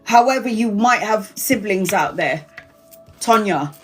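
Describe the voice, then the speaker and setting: A woman's voice: medium pitch, expressive, unhurried, faint music behind. A woman giving a live-stream tarot reading, chatty and blunt, swearing freely and calling viewers honey and sweetheart. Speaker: tarot reader.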